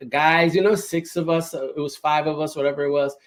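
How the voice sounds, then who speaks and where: Man, podcast host, casual interview chat, enthusiastic, keeps asking "right?", slightly high voice. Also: little pitch movement, fairly quick.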